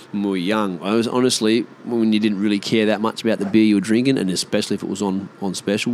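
A man in his thirties speaks in a broad Australian accent, rambling through a loose solo monologue and swearing often. His voice sits on the lower side, and a faint hum runs behind him. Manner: swears freely, mimics mates in exaggerated voices. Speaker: vlogger.

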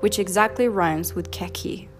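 A woman reciting a long pronunciation poem slowly, one word at a time, as a teacher would. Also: mid-range voice, over music. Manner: slow, deliberate word-by-word recitation.

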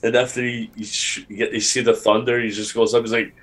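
Man, casual chat, excitable, rambling, laughs often, mid pitch. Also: fast talker.

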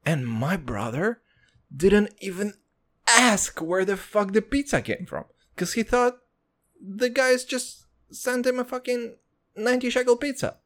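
A man's voice: lively intonation, measured pace, fairly bright tone. Crude, rambling young man podcasting. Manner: crude, rambling and joking, swears constantly, jumps in pitch for effect. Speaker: podcast host. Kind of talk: casual solo podcast rant.

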